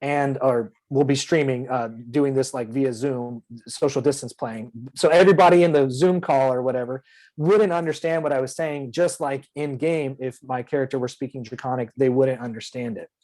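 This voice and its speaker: A man's voice: medium pitch, steady tone, moderate pace, a little mellow, poor audio. A man playing in a tabletop game, explaining his character in casual chat, earnest and rambling with many fillers and restarts. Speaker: player.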